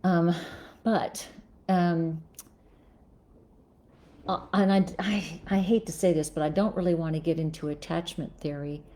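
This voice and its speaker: Middle-aged woman therapist doing a live q&a, low warm voice, lots of ums and restarts. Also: fairly even intonation, measured pace, pauses often. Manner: thoughtful, frequent fillers and restarts. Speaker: psychologist hosting a live Q&A. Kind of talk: live-stream advice talk, reading viewer comments.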